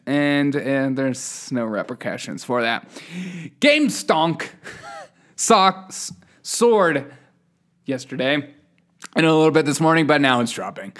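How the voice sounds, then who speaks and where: A man's voice: a little high, a bit bright. A man hosting a casual news podcast, reading headlines with sarcastic, chuckling asides and a loose, unscripted manner. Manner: loose, unscripted delivery with fillers. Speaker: podcast host.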